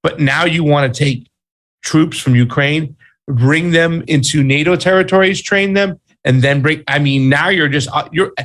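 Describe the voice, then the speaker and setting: A man's voice: fairly high pitch, normal speed, fairly bright tone. A man co-hosting a political talk show, exasperated and sarcastic, using casual slang. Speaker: co-host. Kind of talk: political commentary chat.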